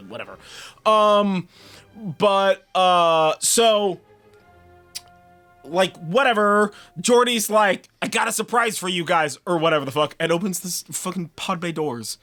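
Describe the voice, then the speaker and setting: A man co-hosting a review podcast, ranting in a profane, animated way and stumbling over restarts. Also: sits high. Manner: animated and swearing, frequent restarts. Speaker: podcast co-host reviewing a TV series.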